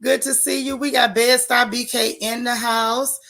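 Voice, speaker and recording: A woman's voice: a little high, little pitch movement, normal speed, a bit bright. A woman hosting a casual live stream, chatting with her viewers and greeting them by name in a loose, chatty way. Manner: chatty, Southern-tinged African American vernacular, frequent "child" and "y'all". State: out of breath. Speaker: live-stream gossip host.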